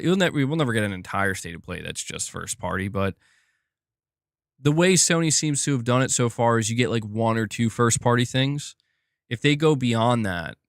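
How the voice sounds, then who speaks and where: A man's voice: medium pitch, expressive, moderate pace, gravelly, fairly bright tone, no room sound, studio quality. A young man streaming about gaming news, chatting casually and reading viewer comments, rambling with lots of "like" and restarting sentences. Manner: rambling, many "like" fillers and restarts.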